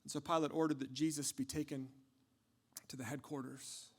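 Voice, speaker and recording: A man delivering a dramatic first-person storytelling monologue, impassioned, swinging from hushed tones to shouting. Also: a little high.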